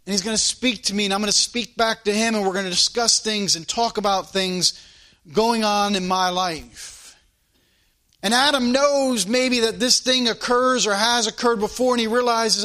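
A male preacher delivers a sermon in a high, bright voice. He talks earnestly, putting question after question to the congregation and circling back over his own phrases. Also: moderate pace.

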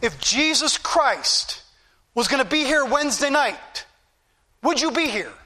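A man's voice: very high voice, big pitch swings, a little slow, pushed and bright. A middle-aged man preaching a sermon with impassioned emphasis and shifting pace. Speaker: pastor.

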